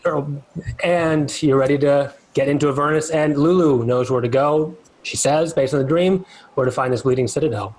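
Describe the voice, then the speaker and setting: A man's voice: fairly high pitch, rough recording. A man narrating a live tabletop game as dungeon master, describing scenes in a rambling way with many fillers.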